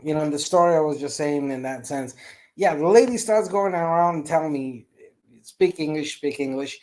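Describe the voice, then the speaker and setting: A talk show panel guest tells a story in an animated way. The speaker acts out each line of dialogue while recounting it. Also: medium pitch, brisk.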